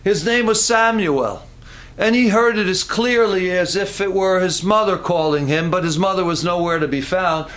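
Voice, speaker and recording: A man preaching a sermon, telling the story in an animated way and slowing down for dramatic emphasis. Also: high-pitched. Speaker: pastor.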